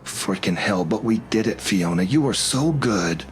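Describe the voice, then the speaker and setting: A man's voice: on the low side, expressive, normal speed, a little hiss or hum, natural voice. A man voicing a reckless, cheerful young man who dabbles in black magic, talking in eager, rambling bursts.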